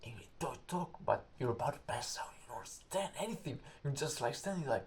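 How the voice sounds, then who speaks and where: A man's voice: mid-range voice, expressive, a little hiss or hum. A young man, an English speaker, telling a story casually and rambling, searching for words. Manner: rambling, halting, searches for words, acts out quotes loudly.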